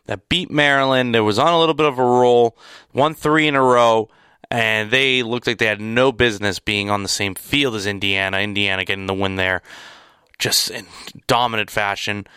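A man's voice: on the low side, steady tone, moderate pace, sharp tone, smooth, no room sound, studio quality. A young man giving an opinionated sports recap, emphatic and exasperated, repeating words to drive home his points. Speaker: sports commentator.

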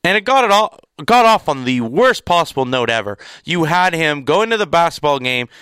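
A man's voice: a little high, very animated, normal speed, sharp tone, clean tone, no echo, clean studio sound. A young man giving an opinionated sports recap, emphatic and exasperated, repeating words to drive home his points. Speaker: sports commentator.

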